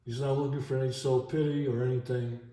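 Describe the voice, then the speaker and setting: Middle-aged male vlogger, halting and emotional delivery, mellow tone, recorded in an echoey room at home. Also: medium pitch, little pitch movement. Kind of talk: unscripted monologue vlog.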